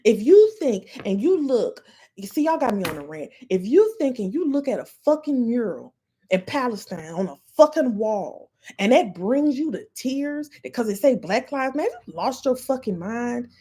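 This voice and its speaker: A woman hosting a live-stream podcast talks in a fired-up, profane rant. Her voice is husky and sits high, swinging widely up and down as she hammers her points home. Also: very animated, warm tone. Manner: heated, profane, fast ranting. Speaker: podcast host.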